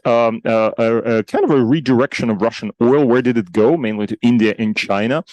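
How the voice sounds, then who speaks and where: A man's voice: lowish voice, vocal fry, a little mellow, no echo, low-quality recording. A man speaking on an academic conference panel, talking in a conversational way with frequent restarts and rhetorical questions.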